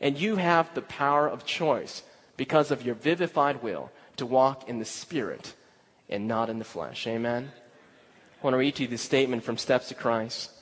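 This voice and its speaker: A male pastor preaching a sermon, telling a personal story, dropping to hushed asides and rising to emphatic exclaims. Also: mid-range voice, moderate pace. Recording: long hall reverb.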